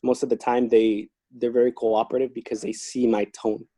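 A man's voice: mid-range voice, fairly quick, no room sound. A man who works as a corrections officer, chatting casually and telling stories about his job. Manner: relaxed, chatty, talks through work stories. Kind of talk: casual interview storytelling.

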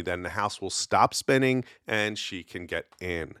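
A man's voice: low-pitched, measured pace, sharp tone, dry recording, studio quality. A man hosting a casual solo podcast, telling folklore in a rambling, conversational way with lots of fillers. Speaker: podcast host.

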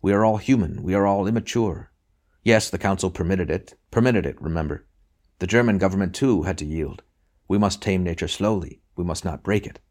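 A man reading an audiobook, voicing a grave husband who speaks in a soothing, steady, reassuring way. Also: sits low, fairly quick.

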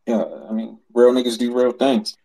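A man co-hosting a casual live audio chat, telling stories in a lively, self-mocking and profane way. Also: mid-range voice, normal speed, rough recording. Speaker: podcast co-host.

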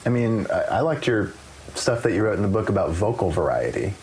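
A man hosting an interview, asking questions in a halting way with frequent restarts. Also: lowish voice, big pitch swings, darkish tone, slight background noise, poor audio. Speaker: interview host.

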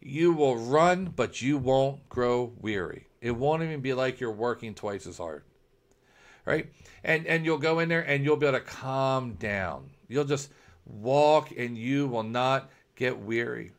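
A man's voice: mid-range voice, expressive, unhurried. A man preaching a sermon, earnest and repetitive, often restarting phrases as he builds a point. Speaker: preacher, ministry founder.

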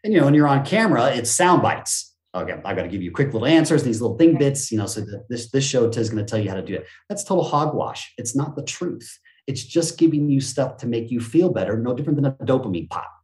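Middle-aged male guest, animated pitch, roomy echoey recording, motivational energy. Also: fast, hardly any pauses. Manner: energetic, expansive, motivational speaker's delivery. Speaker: interview guest. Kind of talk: animated conversational interview. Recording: roomy echo.

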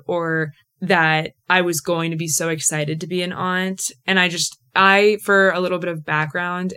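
Young woman, podcast host, low voice, smooth tone, casual storytelling, lots of "like". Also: pushed and bright. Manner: chatty, emotional, many "like" fillers.

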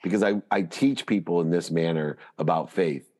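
Podcast guest, man, lower pitch, animated emphatic storyteller. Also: moderate pace. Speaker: guest, motivational speaker.

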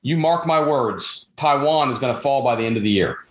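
A man's voice: medium pitch, expressive, a little fast, roomy sound, a little hiss or hum. A man hosting a political talk show, blunt and opinionated, with frequent fillers. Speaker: podcast host. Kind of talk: political chat.

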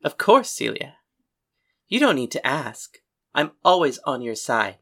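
A woman voicing a tough, loyal young woman known as the whiskey girl, speaking low and earnest with dry humor. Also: sing-song, measured pace, fairly bright tone, exaggerated voice. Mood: steady.

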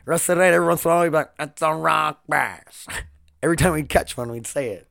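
A man's voice: on the high side, very fast, creaky, a bit bright, dry recording, studio quality. A man hosting his own podcast, rambling and swearing in a confessional solo monologue at home. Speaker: podcast host. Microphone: single podcast mic.

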